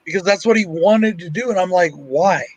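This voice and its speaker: A man's voice: high-pitched, fast talker, no room sound, rough recording. A man, talking bluntly and cursing freely in casual chat. His sound is dry and close. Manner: blunt, swears a lot, tells stories. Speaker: co-host.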